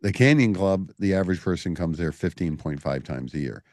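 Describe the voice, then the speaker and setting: Deep-voiced man hosting a radio talk. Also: animated, a little fast, darkish tone, no echo, clean studio sound. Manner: enthusiastic, laughs easily, talks business. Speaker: radio host and club owner. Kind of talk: radio interview. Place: radio studio.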